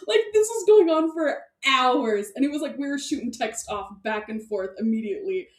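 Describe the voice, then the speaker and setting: Co-hosting a podcast, a fairly high-voiced woman chats casually at normal speed, excited, rambling, laughing a lot, and full of fillers. The echoey room and distant mic leave her sounding set back.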